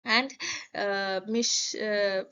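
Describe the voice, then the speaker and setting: A woman's voice: mid-range voice, fairly even intonation, extremely slow, fairly bright tone, smooth. A young woman with an Indian English accent, retelling a film plot in a lecture with many fillers and restarts. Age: young adult. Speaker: student presenter. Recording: dull lo-fi recording.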